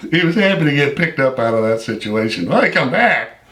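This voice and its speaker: A man in his seventies, a veteran telling an old story in a folksy, unhurried way and chuckling often between phrases. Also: medium pitch, very animated, fairly bright tone. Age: 70s. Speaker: Vietnam veteran recounting his service. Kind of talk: casual spoken storytelling.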